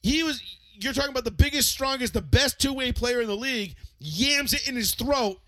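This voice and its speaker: A man's voice: very high voice, brisk, bright, forceful tone, no room sound. A man co-hosting a podcast, ranting animatedly and profanely in casual sports chat. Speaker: podcast co-host.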